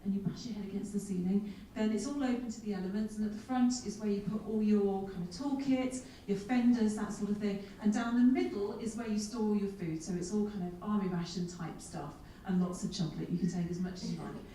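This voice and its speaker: This keynote speaker talks fairly quickly in a mid-range voice with few pauses, spinning a funny, self-deprecating story with comic asides. She's in a large, echoey conference hall, well away from the microphone, and a little hiss or hum runs under the recording.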